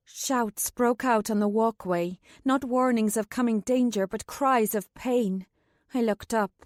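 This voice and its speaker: A woman's voice: fairly high pitch, measured pace, a little mellow, no room sound. A woman narrating a first-person fantasy audiobook in a tense, urgent way, close to a studio mic.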